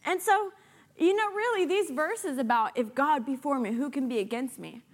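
A woman with a high voice preaches a sermon with lots of energy. She moves between earnest urging and playful, sarcastic asides. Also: lively intonation, normal speed. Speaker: guest preacher.

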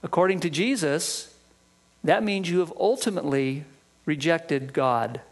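A man's voice: on the high side, unhurried. A man preaching a sermon, explaining scripture earnestly and reading passages aloud. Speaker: pastor.

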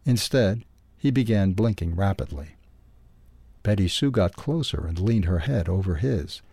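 A man reading a children's animal story aloud for a newsletter's audio edition, in a calm, even way. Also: low-pitched, measured pace, vocal fry, husky, no echo. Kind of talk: storybook narration.

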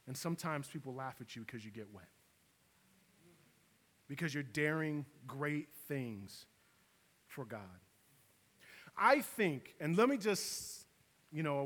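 A man's voice: medium pitch, fairly bright tone, long reverb tail. A man preaching a sermon in a casual, storytelling way, with conversational asides to the congregation. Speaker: pastor.

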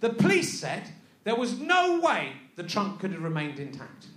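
A man's voice: high voice, wildly swooping pitch, normal speed, noisy background. A man doing live stand-up, sarcastic and incredulous as he mocks an email, often repeating his words. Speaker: stand-up comedian. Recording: echoey live venue with audience.

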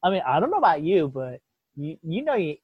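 A man's voice: fairly high pitch, sing-song, fast, husky, no room sound. A man in casual political chat, ranting with lots of swearing and mock voices. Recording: dull lo-fi dry sound.

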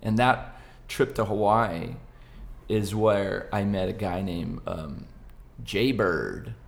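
A man's voice: fairly low pitch, takes it slowly, gravelly. A middle-aged man from Southern California, chatting as a podcast guest in a playful, jokey storytelling manner. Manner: playful, jokey storyteller who slips into silly old-man voices. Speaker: podcast guest, ukulele performer. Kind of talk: casual chat.

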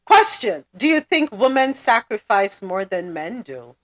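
A woman hosts a casual podcast conversation, her pitch swinging widely as she talks. She speaks slowly and often breaks into laughter. Her tone stays thoughtful. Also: big pitch swings. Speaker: podcast host.

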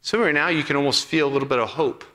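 A man preaching a sermon as pastor, telling a Bible story with acted-out voices and dropping to hushed appeals. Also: fairly high pitch, fast. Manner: animated storytelling, acting out voices, then hushed and intimate. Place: church sanctuary. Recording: long reverb of a hall.

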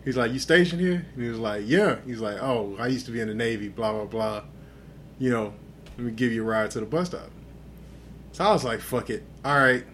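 A man's voice: medium pitch, brisk, a bit bright, slight background noise. A man co-hosting a podcast, tipsy and telling a profane story with lots of acted-out dialogue. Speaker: podcast co-host. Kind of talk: casual drunk storytelling chat.

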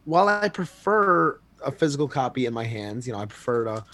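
A man's voice: mid-range voice, very animated, brisk, pushed and bright. Joking male podcast host. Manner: joking, rambling and self-mocking. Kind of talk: casual podcast chat.

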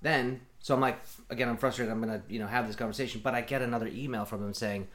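A man's voice: medium pitch, steady tone, fast, hardly any pauses, a bit bright. A man telling a story in casual chat, profane and exasperated as he acts out both sides of phone calls.

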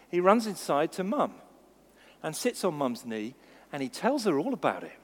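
A man preaches a sermon with real animation, slipping into little voices as he tells his stories. His voice sits a touch high and swings widely in pitch. The sound carries the long reverb of a church hall. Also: big pitch swings, moderate pace, breathy edge.

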